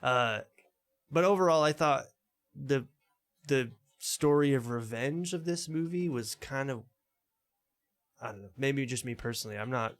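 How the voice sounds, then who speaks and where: A man's voice: medium pitch, unhurried, long pauses. A man co-hosting a casual podcast, rambling with hedging asides as he chats. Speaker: podcast co-host. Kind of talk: casual chat.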